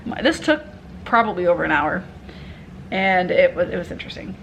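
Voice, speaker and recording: A young woman telling a story in a casual vlog, candid and animated, swearing freely and acting out what people said. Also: lowish voice, a little fast, a little hiss or hum, poor audio. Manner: candid, animated retelling with profanity and quoted dialogue. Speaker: vlogger.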